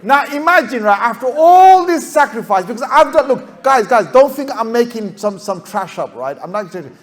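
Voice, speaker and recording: A man speaking as an Islamic scholar to young students, animated and rhetorical, often checking in with "right?" and acting out everyday characters. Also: very high voice, moderate pace. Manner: acts out everyday characters with playful voices. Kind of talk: lively talk to a youth audience.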